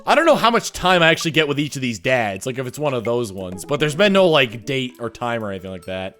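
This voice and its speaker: A man's voice: medium pitch, very animated, fast talker, fairly bright tone. A man streaming a video game, reading its text aloud with playful jokey commentary. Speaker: streamer playing a dating game. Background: game music.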